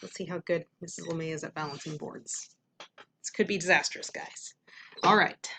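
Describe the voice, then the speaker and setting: A woman teacher leading a phonics lesson for kids, patiently drilling the vowels and slowly sounding out syllables. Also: fairly low pitch, fairly even intonation, gravelly, sharp tone, a little hiss or hum. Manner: patient, repetitive classroom drills.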